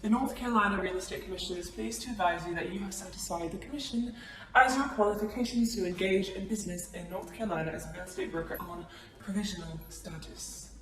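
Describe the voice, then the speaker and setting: A woman's voice: mid-range voice, quick pace, distant mic, natural voice. A woman voicing a stiff official letter reader in an exaggerated, silly put-on accent. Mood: mock-formal. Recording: echoey room, away from the mic.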